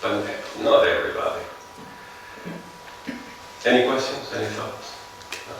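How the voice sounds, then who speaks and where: A man with a non-native English accent giving a seminar lecture, musing slowly and often putting rhetorical questions to his audience. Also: lowish voice, steady tone, gravelly, background noise. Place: large lecture hall. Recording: echoey hall, heard from far off.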